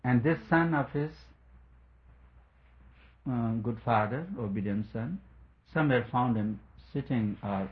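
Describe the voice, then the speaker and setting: A man's voice: mid-range voice, a little slow, pauses often. Chuckling man on a tinny line. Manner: digressive, chuckling storyteller. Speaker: spiritual speaker. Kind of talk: spiritual talk with a told story. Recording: tinny phone-like line, faint noise.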